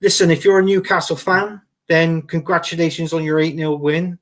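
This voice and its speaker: A man's voice: on the high side, flat delivery, normal speed. A man hosting a football live stream, reading out viewer comments in a chatty way with frequent laughs. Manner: chatty, laughs often, repeats phrases. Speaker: host of football show.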